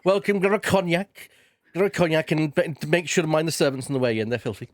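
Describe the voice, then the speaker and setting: A man's voice: on the high side, expressive, fast talker, no echo, clean studio sound, close to an everyday voice. A man hosting a stream as a pompous, rambling retired naval admiral, full of restarts. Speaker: streamer host. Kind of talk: comic in-character role-play.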